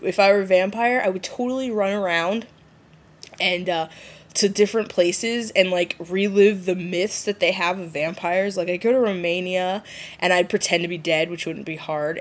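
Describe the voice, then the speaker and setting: Giggly rambling woman vlogging. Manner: rambling and giggly, jumps high for quoted voices. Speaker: vlogger answering a viewer challenge. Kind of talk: casual rambling vlog chat.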